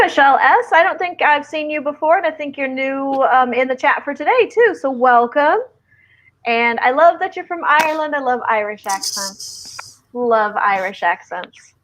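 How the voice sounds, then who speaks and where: A woman's voice: on the high side, fairly bright tone. A woman from the American Midwest hosting a casual livestream chat, chatty and reading viewer comments aloud. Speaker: livestream host.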